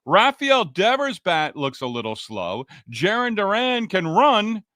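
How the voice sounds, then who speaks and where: A man's voice: high-pitched, unhurried, no room sound, clean studio sound. Emphatic man hosting a sports podcast. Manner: energetic, emphatic, talks straight to listeners. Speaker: podcast host. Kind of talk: solo sports podcast commentary.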